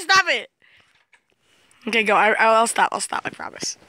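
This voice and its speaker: A woman's voice: fairly high pitch, animated, normal speed, pauses often, sharp tone, no echo. A woman chatting casually while playing a game with a friend, playful and teasing, breaking into shrieks and laughter. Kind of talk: casual gameplay commentary.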